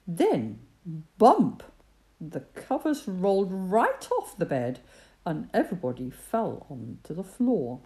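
A woman reading a children's story aloud in an expressive, sing-song way. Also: lowish voice, a little slow.

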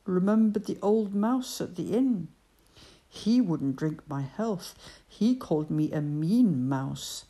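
A woman voicing a male mouse companion in a read-aloud storybook, giving firm, quiet reminders. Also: fairly low pitch, expressive, takes it slowly, heavily acted.

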